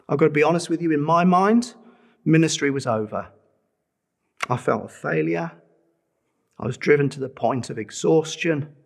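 A man's voice: fairly high pitch, gravelly. A middle-aged man preaching a sermon, telling a personal testimony with earnest feeling and pleading with listeners to respond.

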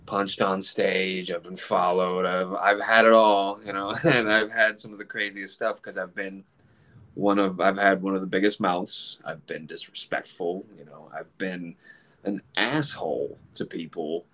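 A middle-aged man in casual conversation, rambling and swearing freely as he plays out remembered arguments in quick bursts of voices. He laughs often, and his voice sits a touch low. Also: steady tone, fairly bright tone. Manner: rambling, profane, laughs often, acts out quoted exchanges. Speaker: comedian, group admin. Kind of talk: casual podcast chat.

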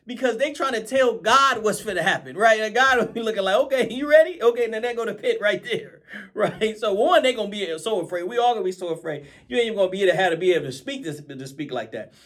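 High-voiced man preaching an animated Bible study. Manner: animated, repeats phrases, calls out "right?" to listeners; laughs while preaching, slows down when reading scripture. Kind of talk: informal Bible study sermon.

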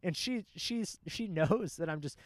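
A man's voice: high-pitched, expressive, a little slow, no room sound. A young man in casual chat, telling a rambling, profane story and laughing often.

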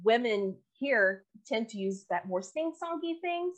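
Animated woman explaining communication. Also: on the high side, unhurried. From United States. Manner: animated, explanatory, laughs easily. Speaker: communication coach and teacher. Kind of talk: casual podcast conversation.

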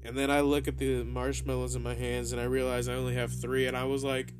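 A man's voice: mid-range voice, completely flat delivery, fast, over loud music. Young man telling a rambling, profane story. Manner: rambling, profane, laughs through his own story. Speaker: podcast host. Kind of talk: casual storytelling.

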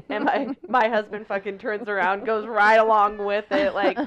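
A woman in her thirties co-hosting a casual podcast, telling animated stories and laughing often. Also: mid-range voice, normal speed, highs cut off, a crowd in the background. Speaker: podcast co-host. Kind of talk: casual chat. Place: indoors, on a couch.

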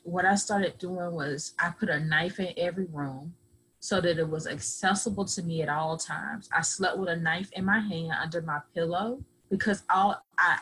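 A woman's voice: fairly low pitch, a bit bright, rough recording. A woman guest on a podcast, telling her own story earnestly and acting out other people's words in dialogue. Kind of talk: personal storytelling.

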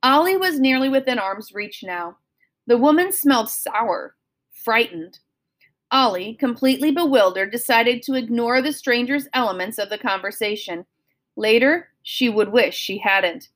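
A woman reading a children's novel aloud in a steady, expressive storytelling manner. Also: on the high side, a little slow. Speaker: audiobook reader.

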